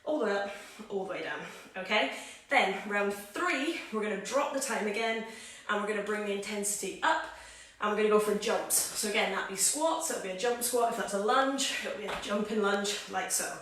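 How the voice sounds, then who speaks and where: A woman's voice: mid-range voice, fairly quick, fairly bright tone. Breathless woman coaching a home workout. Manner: upbeat, coaching and counting down, chatty asides. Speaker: fitness coach. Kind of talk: live workout instruction. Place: room at home. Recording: echoey room, voice far from the mic.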